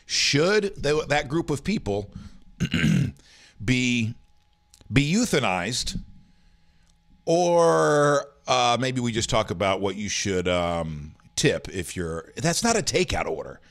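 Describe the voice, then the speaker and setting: A man runs through the day's news in a loose, rambling chat. His pitch swings widely as he reacts to stories. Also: big pitch swings, takes it slowly, a bit bright. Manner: rambling, rough news rundown full of fillers. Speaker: host. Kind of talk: casual morning news chat show.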